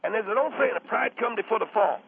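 A man playing a creaky, preachy pastor caller on the phone. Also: sits high, lively intonation, fast, dry recording, heavily acted. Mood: lecturing. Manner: lecturing, stammering, mimics with squeals. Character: pushy preachy male pastor caller, middle-aged. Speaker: pastor calling in to a radio show. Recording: tinny phone line with faint hiss.

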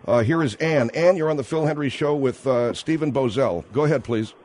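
A male talk radio host questions his guest closely and cuts in often. His voice sits at an ordinary middle pitch. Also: a little fast, a little mellow. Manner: probing, interrupting with questions.

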